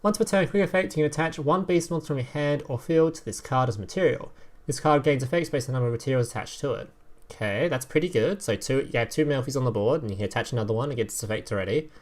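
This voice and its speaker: Talking fast in a mid-range voice, a man streams casual commentary while reviewing game cards. He reads the card text aloud, swearing and laughing along the way.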